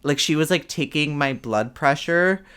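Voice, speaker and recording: Smooth-voiced woman, hesitant and rambling. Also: sits low, moderate pace, fairly bright tone. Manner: hesitant, rambling, many fillers and restarts. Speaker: podcast co-host. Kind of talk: casual chat.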